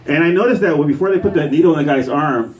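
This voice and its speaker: A man's voice: a little high, quick pace, a little mellow, far from the mic, low-quality recording. A man from Puerto Rico doing live stand-up comedy in a bar, rambling loosely and acting out quotes. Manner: loose, rambling delivery with fillers and acted-out quotes. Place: bar stage with a live audience.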